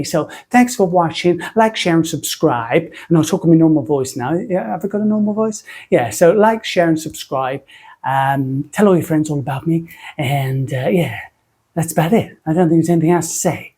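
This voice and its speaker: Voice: mid-range voice, warm tone, slightly rough. Rambling British soap-tutorial host, funny voice. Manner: talking in a put-on funny voice; chatty, rambling, self-mocking. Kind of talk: casual rambling tutorial chat.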